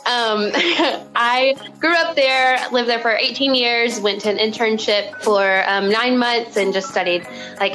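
A woman in her twenties from Arkansas with a Southern accent, chatting as an interview guest and teacher, friendly with frequent ums and soft laughs. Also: mid-range voice, low-quality recording. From Arkansas, United States. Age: 20s. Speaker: guest, third grade teacher. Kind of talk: casual interview answers.

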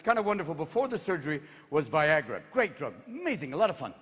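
Wildly animated stand-up comic in his fifties. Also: sits high, big-room sound, a crowd in the background, background noise. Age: 50s. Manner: rapid-fire, jumping into voices. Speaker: comedian. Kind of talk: stand-up comedy routine. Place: live stage before an audience.

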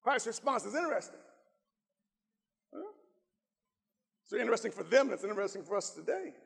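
High-pitched preacher man in a reverberant hall. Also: sing-song, brisk, gravelly, slightly rough. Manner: fervent preaching with shouts, repetition and call-outs. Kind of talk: sermon.

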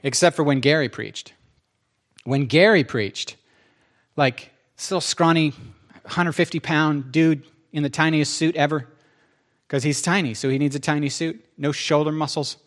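A middle-aged man preaching, telling his testimony in an animated, self-interrupting way and acting out quotes. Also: on the high side, moderate pace. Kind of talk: testimony storytelling.

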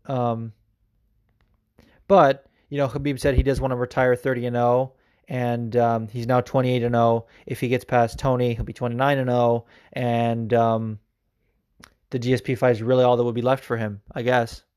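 A man's voice: mid-range voice, level tone, normal speed, a little mellow, clear, resonant tone. Rambling male podcast host. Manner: rambling, laughs often, many fillers. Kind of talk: casual chat.

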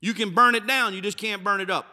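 A man preaching a sermon, swinging between loud emphatic bursts and low, dropped phrases. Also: steady tone, quick pace. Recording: reverberant hall.

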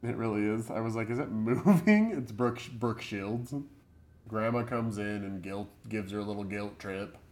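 A man's voice: lowish voice, normal speed, a little mellow. A man co-hosting a podcast, recapping a movie in casual, sarcastic chat with lots of swearing and laughter. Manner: profane, sarcastic, laughs often. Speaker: podcast co-host.

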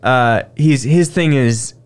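A man's voice: mid-range voice, takes it slowly, clean tone. A man co-hosting a podcast, chatting casually and sarcastically about a movie, swearing and doing mock voices. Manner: sarcastic, profane, does mock voices of characters. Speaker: podcast co-host. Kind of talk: casual chat reviewing a movie.

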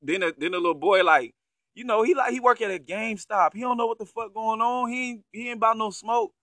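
Male vlogger reacting to a viral video, slangy and worked up, slightly high bright voice. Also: a little fast, dry recording, studio quality. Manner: profane, incredulous, animated slang. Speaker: online commentator. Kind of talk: casual reaction commentary.

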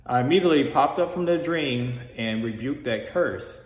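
A man earnestly telling a personal experience in a casual, halting way, with frequent restarts. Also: medium pitch, lively intonation. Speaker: storyteller sharing a personal experience. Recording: roomy hall reverb.

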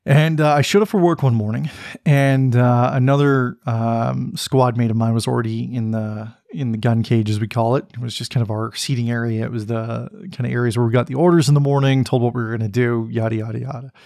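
A man's voice: mid-range voice, steady tone, a little fast, creaky, darkish tone, dry recording, studio quality. A middle-aged man, telling a personal story in a candid, reflective way as a podcast host.

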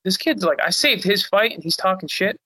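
A young man telling a long story as a guest in casual chat, animated, full of "like" fillers and swearing. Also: high voice, fairly quick, slightly rough, dry recording, poor audio. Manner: animated, frequent "like" fillers, profane. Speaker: guest, fighter.

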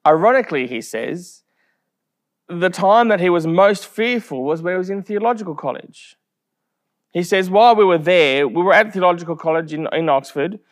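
A man preaching a sermon in a fairly high voice. He carries the talk through stories and brings the people he quotes to life as he goes. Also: normal speed. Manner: storytelling with lively quoted asides.

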